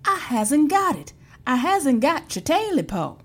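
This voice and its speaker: A woman doing a loud, frightened backwoods man. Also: big pitch swings, measured pace. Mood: terrified. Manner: loud, high, pleading.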